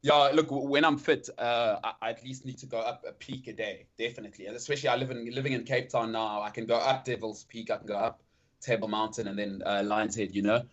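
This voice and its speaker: A South African man chats as a podcast guest, relaxed and often repeating words as he gathers his thoughts. His voice comes through slightly muffled audio. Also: medium pitch, fast. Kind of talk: casual chat.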